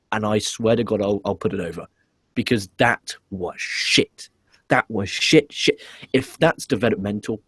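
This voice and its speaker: A man rants through a casual wrestling review with blunt, profane opinions and stuttered restarts. His voice is husky and sits in a middling register. The sound is dry and close. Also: mid-range voice, no room sound.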